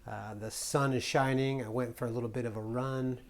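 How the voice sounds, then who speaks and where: Guy vlogging, loose and jokey, lots of ums, mid pitch. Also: fairly even intonation, brisk, noisy background. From United States. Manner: rambling and playful, with many fillers. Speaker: travel vlogger. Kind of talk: casual vlog chat.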